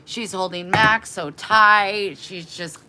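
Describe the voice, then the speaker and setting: A woman vlogger telling a story in a casual, animated and exasperated way to her live chat. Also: mid-range voice, takes it slowly, a little hiss or hum.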